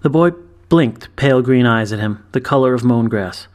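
A man narrating a fantasy story in a measured, even reading voice. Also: mid-range voice. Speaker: story reader. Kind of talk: scripted narration.

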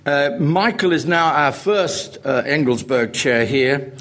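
Guy hosting a lecture intro, husky, jokey asides, lots of ums. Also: fairly high pitch, expressive, slow, fairly bright tone. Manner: genial, joking asides, frequent ums and restarts. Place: lecture hall.

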